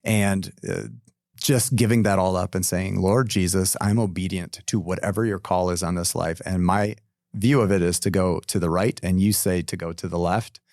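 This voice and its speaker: A man's voice: low-pitched, steady tone, normal speed, darkish tone, no echo, studio quality. A man, a pastor, talking earnestly and reflectively in a casual podcast discussion.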